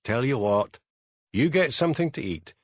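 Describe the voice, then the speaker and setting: A man playing a steady Highland police sergeant with a Scottish Highland accent in an audiobook, calm and dry. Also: normal speed, no room sound, muffled recording, natural voice. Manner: calm, dry, gently commanding.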